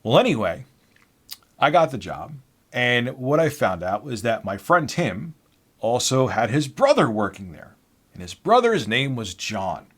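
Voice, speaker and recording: A man's voice: medium pitch, sing-song, measured pace, fairly bright tone. A man in his forties casually recounting an old job. His delivery is blunt and sarcastic, and he swears now and then without a second thought. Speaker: YouTube host. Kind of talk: casual storytelling.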